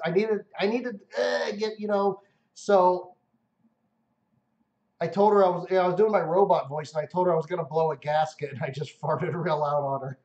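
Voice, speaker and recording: A man with a rather high voice chats loosely on a live stream. He rambles through crude stories, restarting his sentences often. The sound is roomy and a little dull. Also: darkish tone. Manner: rambling, jokey storytelling with many restarts. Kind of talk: casual live stream chat.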